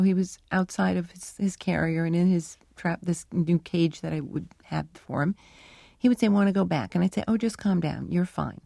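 A middle-aged woman who researches animals answers radio interview questions with storytelling, sharing anecdotes thoughtfully and acting out lines she remembers. Her mid-range voice is warm with vocal fry, and there's no echo.

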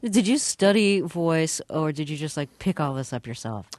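A woman's voice: low-pitched, animated, normal speed, a little mellow, no echo, clean studio sound. A woman interviewing a guest, asking plain and curious questions.

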